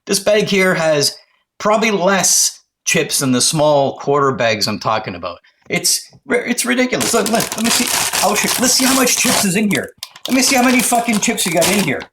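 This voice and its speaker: A man's voice: high voice, sing-song, moderate pace, background noise. Exasperated man ranting and swearing. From Canada, Toronto area. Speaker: comedian ranting to camera. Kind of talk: profane comic rant.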